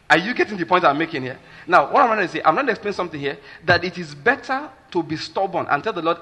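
Husky, forceful Nigerian pastor preaching. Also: male voice, sits high, fast, hardly any pauses. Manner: emphatic, keeps asking if listeners follow; animated with Nigerian Pidgin asides. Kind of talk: sermon.

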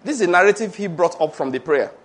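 A man preaching a sermon, his voice pitched high for a man. He delivers it with playful energy and laughs often as he goes. He has the congregation echo his key phrases back to him. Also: fast. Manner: animated and playful, laughs often, leads the audience in repeated phrases.

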